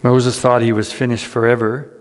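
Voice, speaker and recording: A man preaching a sermon as pastor, earnest and unhurried, repeating key lines with dramatic pauses. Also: mid-range voice, flat delivery. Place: church sanctuary. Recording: church hall reverb.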